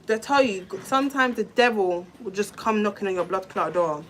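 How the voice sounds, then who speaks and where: A woman's voice: mid-range voice, lively intonation, brisk, slight background noise. A young woman with a London accent, venting heatedly in a storytime vlog and swearing often. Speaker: vlogger. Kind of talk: emotional storytime rant.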